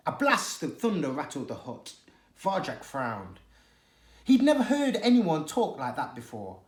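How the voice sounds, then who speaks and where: A teacher reading a children's novel aloud, with an expressive, dramatic storytelling manner. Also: medium pitch, unhurried. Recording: echoey room.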